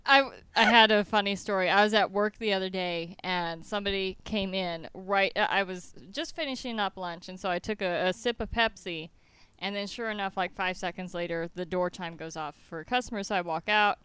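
Smooth-voiced woman chatting. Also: mid-range voice, normal speed, no room sound. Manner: lively, laughs easily, chatty. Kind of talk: casual chat.

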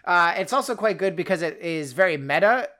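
A co-host in casual book talk, rambling and animated, breaking off mid-sentence and starting again. The voice sits in a middle range, neither high nor low. Jokes and quoted asides run through the chat. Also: a little fast. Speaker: podcast co-host reviewing a book.

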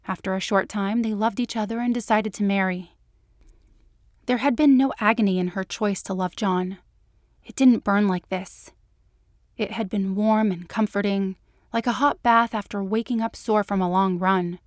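A woman's voice: medium pitch, fairly even intonation, moderate pace, no room sound. Woman narrating a story, dry close sound. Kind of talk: audiobook narration.

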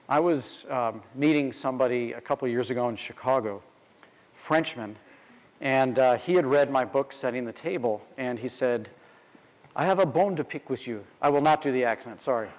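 Man speaking in a reverberant hall. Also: mid-range voice. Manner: conversational, uses quoted dialogue and asides. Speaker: restaurant executive speaking on hospitality. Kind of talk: talk.

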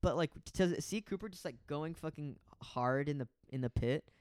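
A man's voice: fairly high pitch, moderate pace, a little mellow, clean tone, no echo. A young man telling a rambling story in casual chat as a podcast co-host, stuffing his talk with "like" and swearing freely. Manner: rambling, heavy use of "like", frequent swearing.

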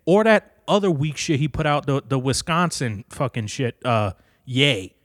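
A man with a medium-pitched, slightly bright voice and lively intonation speaks at normal speed in clean studio sound with no room echo. He's in a heated, casual rant, airing his opinions, swearing often and repeating himself.

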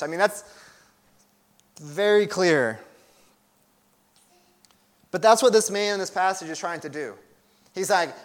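A man's voice: high-pitched, normal speed, long pauses. A young adult man preaching a sermon as pastor, earnest and emphatic, with conversational asides.

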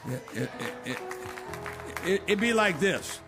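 A male pastor delivers a sermon, his voice a little higher than most men's. He swings between rising, loud calls and hushed, low appeals, acting out quotes as he leads toward an altar call. Soft instrumental music plays faintly behind him. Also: big pitch swings, a little slow.

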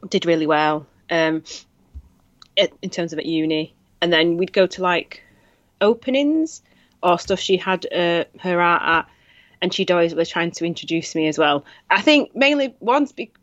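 A woman co-hosts a relaxed conversation, her voice sitting a touch low. She rambles with false starts and laughs often. The recording is close and dry with a dull, lo-fi edge. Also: moderate pace, no echo. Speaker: podcast co-host. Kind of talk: casual chat.

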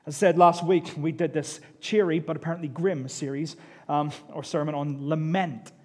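A man's voice: fairly high pitch, steady tone, moderate pace, a little mellow. A man preaching a sermon in a conversational, self-deprecating way, often repeating his words. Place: church hall. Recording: long echo of a large hall.

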